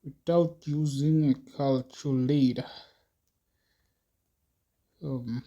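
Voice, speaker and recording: A man teaching a math lesson, talking slowly and thinking aloud as he works through a problem with his students. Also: medium pitch, steady tone, dark tone, muffled recording. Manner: slow, musing, talks to students as he works.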